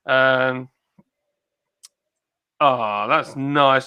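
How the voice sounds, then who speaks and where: A man hosts a relaxed live stream, reading out viewer comments and wandering off on tangents as he goes. His voice is bright and forward. He sits at a middle pitch for a man. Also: moderate pace, lo-fi sound. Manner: chatty, rambling, reads comments aloud. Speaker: livestream host reading viewer chat. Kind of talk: casual chat.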